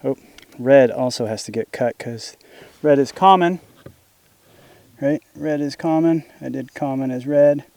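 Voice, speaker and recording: A man's voice: medium pitch, unhurried, creaky, pauses often, darkish tone, dry recording. A man casually narrating a do-it-yourself job outdoors, thinking aloud as he works and chatting to his dog. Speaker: DIY homesteading vlogger. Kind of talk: casual how-to narration while working. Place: outdoors in an orchard.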